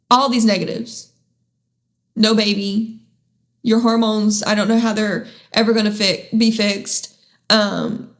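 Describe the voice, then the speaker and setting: Candid woman sharing her faith testimony. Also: medium pitch. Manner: candid, halting, many restarts; self-deprecating asides. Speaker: podcast host. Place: at home.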